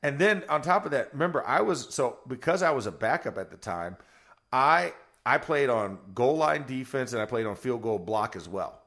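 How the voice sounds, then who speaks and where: A middle-aged man, a former football player, telling a story on a podcast in a lively way, acting out quotes and laughing. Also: mid-range voice, normal speed. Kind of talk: animated storytelling.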